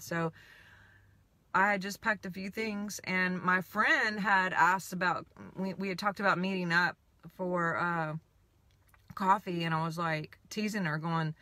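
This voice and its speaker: Speaking at a moderate pace in a lowish voice, a female spiritual coach casually recounts something that happened to her, rambling and animated, with many "I'm like" asides. There's no room sound.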